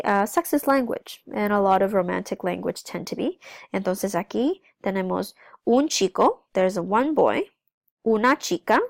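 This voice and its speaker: Woman teacher, patient step-by-step explainer, mid-pitched voice, dry close recording. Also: no room sound. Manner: explains step by step, checks in with "okay?"; switches between English and Spanish. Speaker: Spanish teacher. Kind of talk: recorded classroom lesson.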